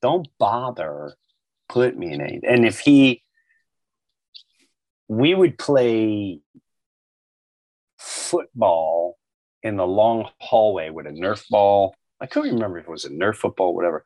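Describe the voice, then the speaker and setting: Animated male storyteller, dry close sound. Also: lowish voice, takes it slowly, long pauses, dry recording. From New York. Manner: animated, doing voices of people in his stories. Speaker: comedian telling stories. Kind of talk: casual storytelling chat.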